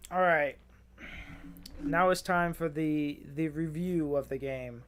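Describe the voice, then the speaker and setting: A young adult man streaming a video game, tired and rambling, with profane deadpan grumbling. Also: fairly high pitch, takes it slowly, clear, resonant tone. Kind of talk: casual gameplay commentary.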